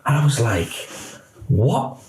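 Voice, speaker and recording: A man in his forties, once a police officer, tells his story in a frank podcast interview. He speaks at a medium pitch and slips into the voices of the people he quotes. The room around him rings with a noticeable echo. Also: slow. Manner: animated storyteller acting out quoted dialogue. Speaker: guest, former police officer.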